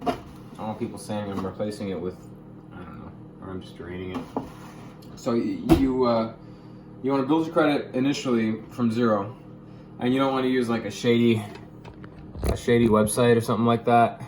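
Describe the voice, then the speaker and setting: A young man explaining money topics in a casual vlog, goofy and jokey, with sudden loud, excited bursts. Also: medium pitch, a little fast, pauses often, reverberant, noisy background. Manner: goofy, hyper bursts, calls viewers gamers. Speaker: YouTuber.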